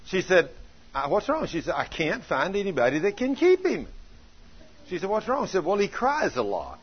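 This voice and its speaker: A man's voice: high voice, huge pitch swings, normal speed, breathy edge. A man, preaching and telling a story, acting out each person's words in folksy talk. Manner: folksy, plays out dialogue in changing voices. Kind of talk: sermon storytelling. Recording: dull lo-fi recording.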